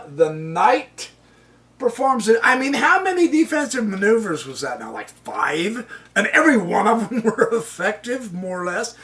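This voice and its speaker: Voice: medium pitch, fairly bright tone, recorded from a distance. A chess channel host giving casual commentary on their own game, chuckling often and exclaiming with delight at the opponent's moves.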